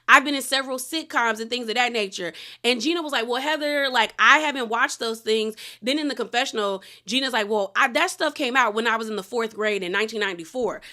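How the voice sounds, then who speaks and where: A woman casually recapping a reality show episode, retelling scenes with slangy asides and quoted lines. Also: on the high side. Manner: animated retelling, quoting cast members with slangy asides.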